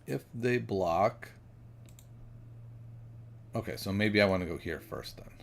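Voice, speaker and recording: Gravelly low-voiced man musing over chess. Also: takes it slowly. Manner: musing, self-correcting, chatty. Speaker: chess streamer. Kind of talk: thinking aloud while solving puzzles.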